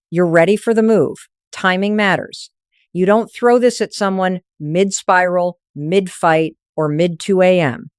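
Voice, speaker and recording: A woman's voice: on the low side, no echo, clean studio sound. A woman delivering a scripted motivational monologue on relationships, direct and emphatic in punchy short sentences. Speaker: relationship advice speaker.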